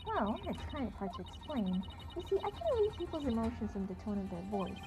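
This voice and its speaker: A woman's voice: a little high, very animated, a little fast, over music. A woman reading as an earnest young lawyer.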